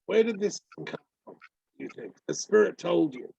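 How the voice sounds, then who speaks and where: A man's voice: sits high, lively intonation, normal speed, gravelly, a little mellow, slightly rough, no echo. A man talking in an earnest, rambling way, with many ums, in a casual discussion over a video call. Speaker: peace activist on a video call. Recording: dull lo-fi call audio.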